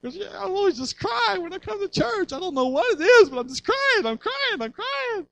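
Weepy churchgoing lady, high and gushy, slow and teary, a preacher putting her on. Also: big pitch swings, vocal fry, bright, forceful tone, dry recording, exaggerated voice. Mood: tearful. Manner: high, slow, tearful gushing. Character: weepy female churchgoer, overcome with tears.

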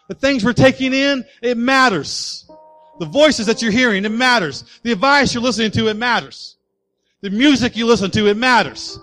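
High-voiced preaching pastor over faint music. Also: male voice, bright, forceful tone. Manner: preaching with rising and falling emphasis, acting out voices. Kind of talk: sermon.

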